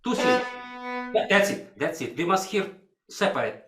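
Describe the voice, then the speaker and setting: A man's voice: sits high, very animated, normal speed, a bit bright, soft background music. An older man with a coaching a violinist in a masterclass, singing phrases to demonstrate, in broken English. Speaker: violin teacher. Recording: echoey hall. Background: violin playing.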